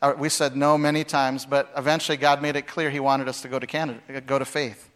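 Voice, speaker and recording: A man's voice: medium pitch, little pitch movement, quick pace, fairly bright tone, clear, resonant tone. A middle-aged man preaching a casual sermon, reading scripture and adding humorous asides and rhetorical questions. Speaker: pastor.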